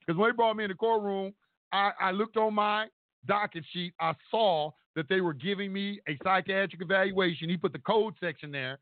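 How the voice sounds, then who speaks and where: A man telling a story in a casual, animated and profane way, acting out the people he talks about. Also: high-pitched, normal speed, no room sound. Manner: animated, profane, acts out courtroom exchanges. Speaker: storyteller recounting court experience. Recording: dry tinny phone-like sound.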